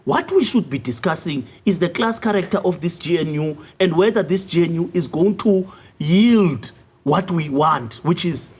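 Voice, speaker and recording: A South African man, a youth league official, arguing his case in a news interview, assertive and clearing his throat often. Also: animated, normal speed, a little mellow. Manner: assertive, rises in pitch when pressing a point, frequent throat clearing. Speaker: youth league secretary general, interview guest. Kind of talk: political interview, argumentative.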